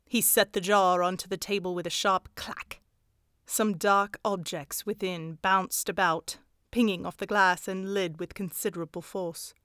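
A woman narrating a story in a steady, even storytelling manner. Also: medium pitch, a little slow, smooth, dry recording, clean studio sound. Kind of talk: scripted audiobook narration.

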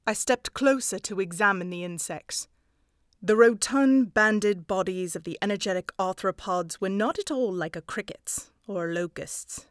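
A woman narrating a story in a steady, even storytelling manner. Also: medium pitch, normal speed, no room sound, clean studio sound. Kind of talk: scripted audiobook narration.

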